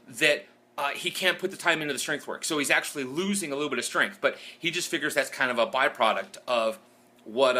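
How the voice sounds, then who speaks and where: A man's voice: mid-range voice, pushed and bright. A male fitness coach telling a story in a casual, rambling vlog, with lots of fillers.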